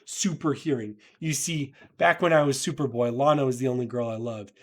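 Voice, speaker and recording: A man's voice: medium pitch, fairly quick, natural voice. A man reading as a heartsick superhero. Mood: heartfelt. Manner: earnest, heartfelt confession. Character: heartsick male superhero confessing hidden love.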